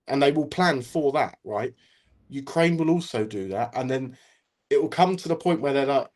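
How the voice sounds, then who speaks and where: A man's voice: medium pitch, expressive, normal speed, a little mellow. A man ranting casually as a guest on a talk stream, blunt and full of swearing.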